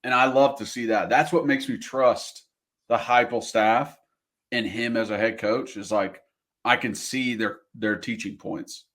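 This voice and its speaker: A man's voice: medium pitch, fairly even intonation, measured pace, fairly bright tone. A man co-hosting a podcast, making his points emphatically and repeating phrases for stress. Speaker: podcast co-host. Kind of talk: casual sports chat.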